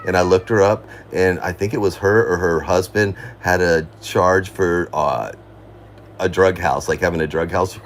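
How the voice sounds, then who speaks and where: A man's voice: sits low, a little hiss or hum. A man in casual rambling commentary, laughing and accusatory as he goes over an online feud.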